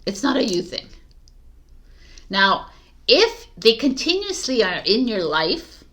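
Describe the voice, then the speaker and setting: A woman's voice: fairly low pitch, a bit bright. A woman giving a casual spoken tarot reading, chatty and encouraging, with frequent fillers and restarts. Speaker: tarot reader.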